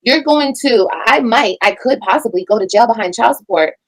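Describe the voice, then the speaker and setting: A woman's voice: a little high, lively intonation, normal speed, poor audio. A woman reacting to a recording, blunt, profane and emphatic in her commentary. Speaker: reaction streamer.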